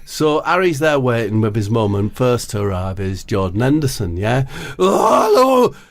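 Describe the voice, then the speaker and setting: A man hosting a podcast, telling a comic story in a giggly, deadpan way. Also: fairly low pitch, moderate pace, gravelly. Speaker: podcast host.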